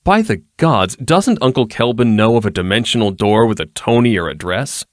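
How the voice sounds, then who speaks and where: A man's voice: fairly low pitch, animated, moderate pace, no room sound, clean studio sound, pitched above the performer's own voice, lightly acted. A man reading an audiobook, voicing a foppish young nobleman with a lazy, teasing drawl.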